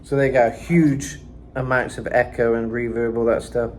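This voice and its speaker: A man's voice: medium pitch, little pitch movement, normal speed, heavy background noise. A man giving a casual singing lesson, explaining in a loose, rambling way with lots of fillers. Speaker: vocal coach.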